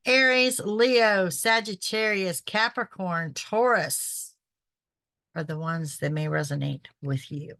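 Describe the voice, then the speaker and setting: A woman's voice: lowish voice, slow, fairly bright tone, no echo. A woman, a psychic host giving a casual, chatty horoscope reading, often checking in with "okay?". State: throat irritated by pollen. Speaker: psychic reader, show host.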